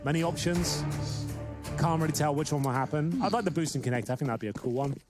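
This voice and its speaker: A man's voice: fairly high pitch, quick pace, music in the background. A man giving easygoing analysis of a live esports match, thinking aloud. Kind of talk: analytical commentary.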